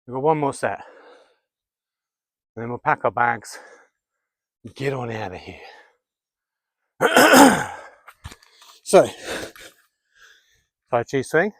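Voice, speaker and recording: A man's voice: mid-range voice, expressive, measured pace, pauses often, no room sound. A man leading an outdoor workout in the woods, coaching viewers through exercises and counting reps aloud. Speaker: fitness vlogger.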